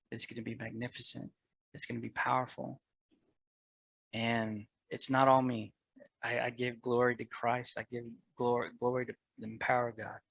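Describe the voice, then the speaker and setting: A man talking earnestly as a podcast guest about his marriage and his faith, getting loud and fervent at times. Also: mid-range voice, creaky, slightly rough, dry recording, rough recording. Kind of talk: candid personal conversation.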